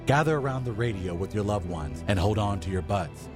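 A man's voice: fairly low pitch, expressive, brisk, close to an everyday voice. A man giving a mock-grand, speechlike intro for a segment, over music.

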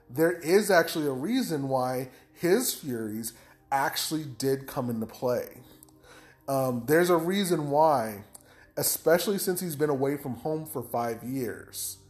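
A man's voice: medium pitch, animated, a little slow. A man casually retelling a book's plot, rambling with many fillers and restarts. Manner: rambling, hesitant, lots of fillers. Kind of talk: casual book recap.

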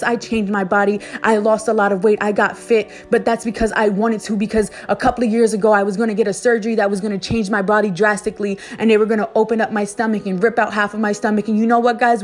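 A woman speaks with fervent conviction, repeating phrases for emphasis as she gives her viewers a faith-filled pep talk. Her voice sits at a middle pitch, and faint music plays underneath. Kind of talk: impassioned faith monologue to viewers.

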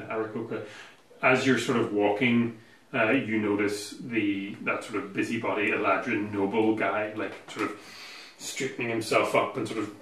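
A man's voice: lowish voice, fairly bright tone, reverberant, far from the mic, slight background noise, rough recording. A man running a tabletop game as game master, narrating casually with many fillers.

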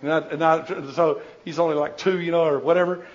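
An older man answers audience questions, spinning rambling, jokey stories with plenty of restarts. His voice sits a bit high for a man. The recording is dull and lo-fi. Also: brisk. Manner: animated anecdotal storyteller, jokey, rambling with restarts. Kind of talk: informal Q&A talk with storytelling.

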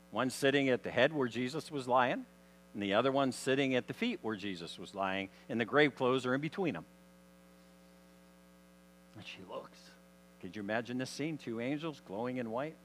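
A man preaching a sermon in a conversational storytelling style, full of rhetorical questions, in a church hall. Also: medium pitch. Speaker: pastor. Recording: long hall reverb.

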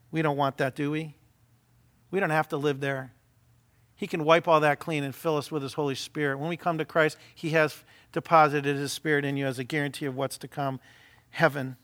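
A middle-aged man, a senior pastor, preaching a sermon in a conversational, animated way with frequent rhetorical questions. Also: a little high.

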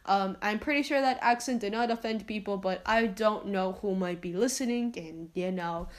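A woman's voice: medium pitch, moderate pace. A woman hosting her own podcast, wrapping up a solo episode with rambling, self-deprecating asides, many fillers and restarts, and anxious apologies. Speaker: podcast host. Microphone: home podcast mic, uneven volume.

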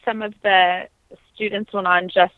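A woman in her thirties, an opera singer, tells her story as a guest on an interview podcast, earnest and reflective with frequent ums. Her mid-range voice is flat and unhurried, and the recording is dry, over a tinny, phone-like line.

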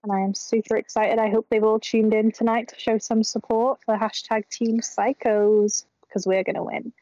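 A woman's voice: a little high, little pitch movement, normal speed, dark tone, no room sound. A woman introducing herself as a pageant contestant, bubbly and chatty, on a video call. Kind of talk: casual self-introduction. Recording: dull, dry video call audio.

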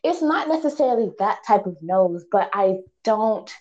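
A woman's voice: medium pitch, lively intonation, moderate pace, a little mellow, muffled recording. A woman in casual conversation, thinking aloud with many fillers and restarts. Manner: thoughtful, hesitant, many fillers.

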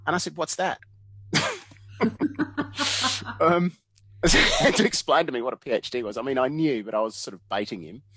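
A man's voice: mid-range voice, moderate pace, pauses often. A man in his fifties with an Australian accent, a guest in an interview telling stories from his working life. He laughs often and acts out what other people said. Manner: animated, laughs often, acts out quoted dialogue. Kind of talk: casual storytelling interview.

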